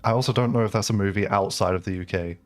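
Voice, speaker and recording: A man's voice: fairly low pitch, quick pace, a little mellow. A man with an English accent chatting casually with his live-stream audience while playing, rambling with lots of fillers and restarts. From England. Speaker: game streamer.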